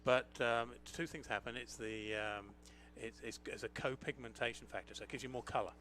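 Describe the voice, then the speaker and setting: A man's voice: mid-range voice, fairly even intonation, a little fast, noisy background. A man guest on live radio explaining a wine in a chatty way, with many fillers. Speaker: winemaker guest.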